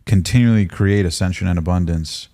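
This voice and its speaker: A man's voice: low voice, brisk, warm tone. A man hosting a podcast, listening closely with short acknowledgments and asking long, structured questions. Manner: attentive, frequent short backchannels, structured questions. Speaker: podcast host. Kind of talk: interview questions.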